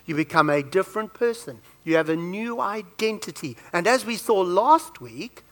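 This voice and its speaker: A man preaching a sermon, joking and telling personal stories as he makes his point. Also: sits high. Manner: animated, joking storyteller.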